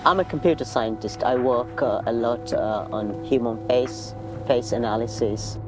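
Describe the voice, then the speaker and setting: A man, a computer scientist, explaining his work hesitantly with many pauses and fillers. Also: medium pitch, music in the background, rough recording. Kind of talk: interview.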